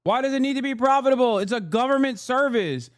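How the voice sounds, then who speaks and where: A man's voice: extremely high pitch, lively intonation, fast, dry recording, clean studio sound. A man streaming, reacting to news clips in casual chat, swearing a lot and firing off heated rhetorical questions. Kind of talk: casual profane reaction commentary.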